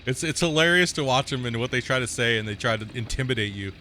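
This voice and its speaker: A man's voice: medium pitch, expressive, fast talker, pushed and bright, a little hiss or hum. A man streaming a game live, chatting casually and rambling through stories, often tagging sentences with "right?".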